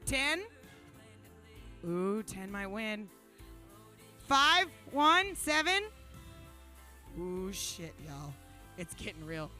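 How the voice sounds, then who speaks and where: A woman's voice: medium pitch, big pitch swings, drawn-out words, pauses often, bright, forceful tone, soft background music. A woman emceeing a live charity paddle auction, playfully hyping the crowd and calling out the bids. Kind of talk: live event hosting. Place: brewery event stage.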